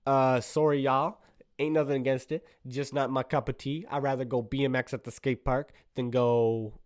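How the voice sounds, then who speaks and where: A young man hosts a casual solo podcast and talks straight into the mic in loose, slangy, rambling sentences. His pitch sits in an ordinary middle range for a man, and his level swings from muttered asides to sudden loud, excited bursts. The talk stays playful and offhand. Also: normal speed, smooth, no echo, clean studio sound. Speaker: podcast host.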